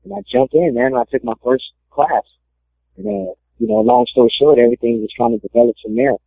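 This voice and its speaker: A man's voice: medium pitch, a little fast, vocal fry. A young man, an MMA fighter, telling his story in a casual interview, acting out the voices of people he quotes. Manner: animated storyteller, acts out quotes. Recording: tinny phone line.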